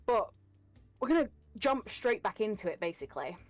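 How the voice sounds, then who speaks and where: A woman's voice: medium pitch, big pitch swings, normal speed, no room sound, faint music behind. A woman recapping a tabletop game session, hesitant and full of fillers.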